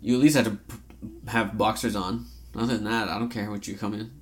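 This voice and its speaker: A man's voice: on the low side, a little fast. A young man co-hosting a podcast, joking and swearing through a casual chat and telling stories with put-on voices. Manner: profane, joking, animated storytelling. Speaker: podcast co-host.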